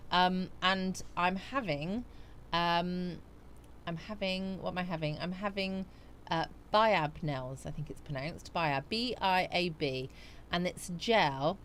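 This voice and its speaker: Chatty woman with a lowish voice. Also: a little hiss or hum. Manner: chatty and rambling, with many ums. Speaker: livestreamer. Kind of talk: casual live chat, reading viewer comments.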